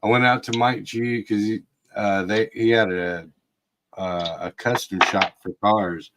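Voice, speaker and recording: A man's voice: on the low side, fairly even intonation, heavy background noise. A man telling old stories in a casual, profane chat, laughing often. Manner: profane, laughing, slow drawl. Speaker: podcast host.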